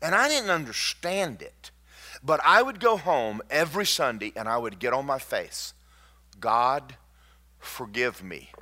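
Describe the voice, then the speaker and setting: A man, a pastor telling stories in a sermon, emphatic and swinging between loud and hushed. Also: a little high, sing-song, normal speed.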